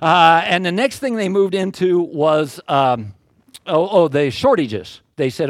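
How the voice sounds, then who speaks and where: An older man preaching, telling a personal story in a folksy, self-deprecating, animated way. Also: a little high, moderate pace, no echo, clean studio sound. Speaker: pastor. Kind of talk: storytelling sermon.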